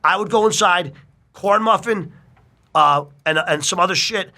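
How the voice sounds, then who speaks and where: A middle-aged man telling a long personal story in casual chat, animated and full of swearing. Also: sits high, a little slow, creaky.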